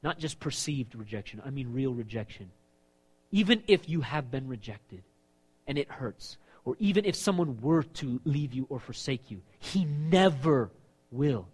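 A man preaching a sermon, animated, stepping into quoted voices. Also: mid-range voice, unhurried, breathy edge. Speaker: pastor.

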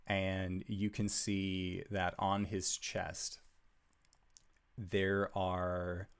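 A man narrating as game master for a tabletop game in a slow, measured, hushed storytelling manner. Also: low voice, vocal fry.

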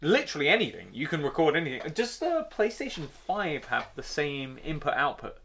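A man's voice: fairly high pitch, brisk, gravelly. A man in a casual podcast chat, rambling through stories with plenty of fillers. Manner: rambling, lively storyteller with fillers. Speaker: podcast co-host.

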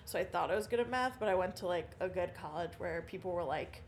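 A young woman comedian chats casually as a podcast guest. She is animated and self-deprecating, breaking into laughter often as she talks. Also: lowish voice, fast, slight background noise. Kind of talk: casual chat.

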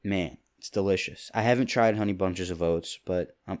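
Young man in his twenties, very deep voice, loose rambling solo chat, from Kentucky. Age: 20s. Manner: rambling, jokey, quick asides. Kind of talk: casual solo monologue. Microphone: studio mic with pop filter.

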